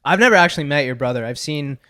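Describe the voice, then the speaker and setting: A young man runs a relaxed podcast from his home, his voice sitting a little high as he ribs his guest. The sound is dry and close, with no room around it. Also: quick pace, dry recording. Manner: teasing, joking. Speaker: podcast host. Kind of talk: casual chat.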